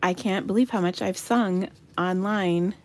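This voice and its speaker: A woman's voice: medium pitch, steady tone, unhurried. A middle-aged woman hosting an online craft game night, calling bingo numbers in a giggly, playful way and breaking into silly singing. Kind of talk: casual live-stream chat calling bingo. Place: home craft room.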